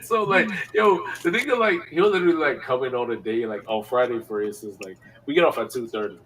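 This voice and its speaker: A man at mid pitch spins a story from his job, loose and laughing, piling on fillers and slang. He sits a little back from the mic, so his voice sounds somewhat distant. The chat is casual and unscripted. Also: expressive, fast, fairly bright tone, slight background noise. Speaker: podcast co-host.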